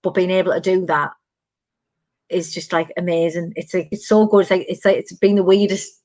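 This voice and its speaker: A woman's voice: lowish voice, fairly quick, no room sound. A woman, telling stories animatedly in casual chat as podcast host. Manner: animated storytelling, many fillers.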